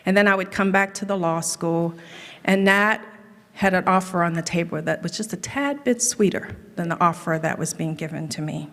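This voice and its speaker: A middle-aged woman with a lowish voice gives a humorous tribute speech, spinning stories with deadpan running jokes. Her voice rings with a long reverb off a large hall. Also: moderate pace. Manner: storytelling with dry running jokes. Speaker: colleague giving a tribute speech.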